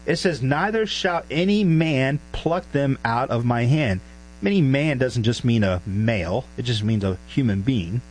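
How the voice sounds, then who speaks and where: A man's voice: medium pitch, unhurried, poor audio. Emphatic male preacher teaching scripture. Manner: emphatic, asks the listeners questions. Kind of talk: verse-by-verse sermon. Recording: faint mains hum.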